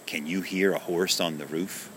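A man voicing a gentle, riddling magical rooster in a storybook reading, speaking in a soft, hushed, questioning way. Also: low-pitched, fairly even intonation, moderate pace, a little hiss or hum. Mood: mysterious.

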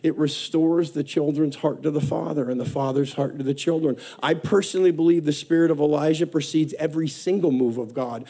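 A middle-aged man preaching a sermon, impassioned, swinging between hushed and emphatic delivery. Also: on the high side, vocal fry.

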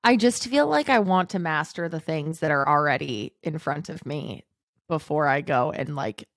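A woman's voice: low-pitched, animated, moderate pace, no echo, clean studio sound. A woman podcast co-host in casual chat, blunt and sarcastic, swearing freely.

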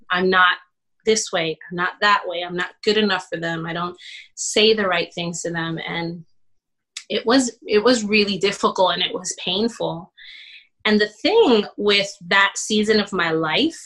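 Pastor's wife guest, bright tone, candid and emotional storytelling. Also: female voice, medium pitch, low-quality recording. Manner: emotional, animated retelling with laughs and quoted dialogue.

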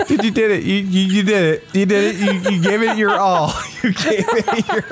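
A man's voice: high-pitched, moderate pace, crowd noise. A man co-hosting a casual podcast chat, laughing a lot and swearing freely. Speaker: podcast co-host. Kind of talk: casual chat with mock accents.

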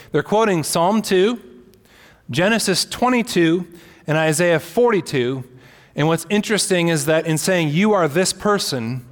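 A man's voice: a little high, big-room sound. A man preaching a sermon, teaching earnestly and reading scripture aloud. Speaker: pastor.

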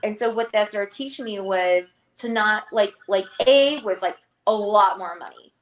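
A woman entrepreneur speaking as an interview guest, thoughtful and sincere, often pausing with "um" and "like". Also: mid-range voice. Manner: thoughtful, with frequent ums and likes. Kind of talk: reflective interview talk. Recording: echoey room.

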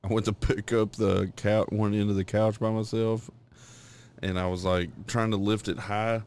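A man's voice: lowish voice, level tone, moderate pace, a little mellow, clean tone. A man co-hosting a podcast, telling crude stories in casual chat, swearing freely and laughing through his own punchlines. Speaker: podcast co-host.

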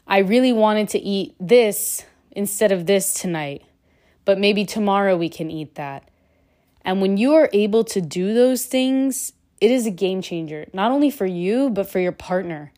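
Warm-toned woman giving earnest relationship advice. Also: medium pitch, moderate pace. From Cuban heritage. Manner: earnest, emphatic, direct. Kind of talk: casual advice monologue to camera.

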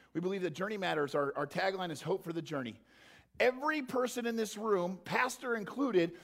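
A pastor preaching a sermon to his church in an animated way, sometimes acting out the disciples in playful voices. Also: high-pitched.

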